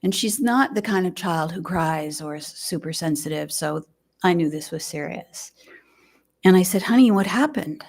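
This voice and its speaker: Older woman giving a gentle sermon. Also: low-pitched, vocal fry. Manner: gentle, reflective, measured with pauses. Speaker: lay speaker. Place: fellowship hall, indoors.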